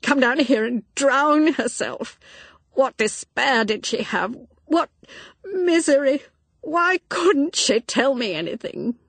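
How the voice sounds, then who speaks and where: A woman's voice: high-pitched, dry recording, pitched above the performer's own voice. A woman voicing a grief-stricken young husband, crying out in anguish.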